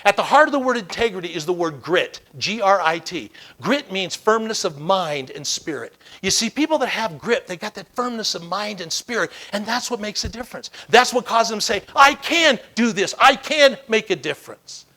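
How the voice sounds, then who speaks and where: A man's voice: high voice, animated, fairly quick, few pauses, bright, forceful tone. A man giving a motivational keynote speech, telling stories emphatically and acting out dialogue. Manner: emphatic storytelling with acted dialogue. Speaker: keynote speaker.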